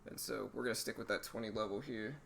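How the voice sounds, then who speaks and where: A man hosting a live day-trading stream, thinking aloud in a relaxed, halting way, his voice a bit hoarse. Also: fairly low pitch, slight background noise. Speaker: stream host, day trader.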